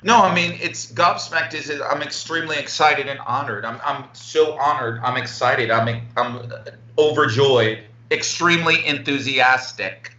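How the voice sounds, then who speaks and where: Jokey teacher, theatrical, bright voice, far off in an echoey room, dull call audio. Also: male voice, mid-range voice, a little slow. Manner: jokey, theatrical, exaggerates words. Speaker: English teacher. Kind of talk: playful live-stream lesson banter. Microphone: remote call audio.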